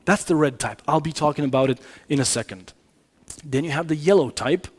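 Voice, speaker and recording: A man with a fairly high-pitched voice gives a business communication talk on a conference stage. He speaks to the audience in a loose, conversational way, asking them questions and often stopping to correct his own wording. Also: fairly quick, breathy edge. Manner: conversational, addresses audience directly, frequent self-corrections.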